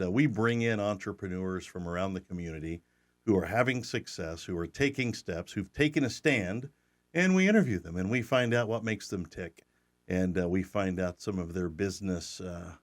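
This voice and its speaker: A man's voice: low-pitched, normal speed. Folksy older man hosting. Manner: folksy, joking, restarts often. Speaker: podcast host. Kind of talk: casual podcast chat.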